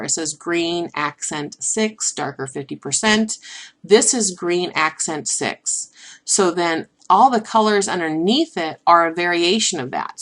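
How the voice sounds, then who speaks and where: A woman with a fairly low voice walks through a software tutorial, talking as she clicks. Her delivery is relaxed and unscripted, full of ums, restarts and quick asides. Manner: relaxed, thinks aloud with many ums and restarts. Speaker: instructor.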